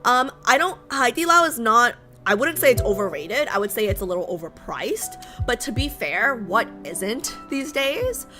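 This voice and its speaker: Bright-voiced chatty woman streamer. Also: a little high, big pitch swings, normal speed, hardly any pauses, faint music behind. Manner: chatty and rambling, often asking chat questions. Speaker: live streamer. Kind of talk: casual live-stream chat. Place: home streaming setup in New York.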